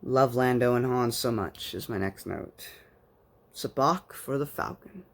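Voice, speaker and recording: A man's voice: medium pitch, unhurried, gravelly. A man giving a casual spoken book review, rambling like an enthusiastic fan with plenty of fillers.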